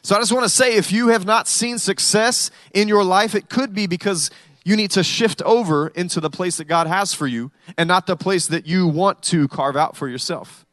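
High-voiced man preaching a sermon. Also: moderate pace, a bit bright, no room sound. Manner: conversational preaching with humorous storytelling. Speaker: pastor.

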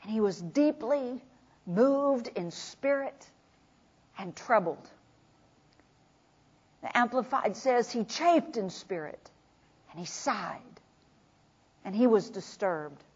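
A woman preaching a sermon, retelling scripture dramatically, swinging from loud proclamation to hushed whispers. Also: a little high, expressive, slow, pauses often, slightly rough. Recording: dull lo-fi recording.

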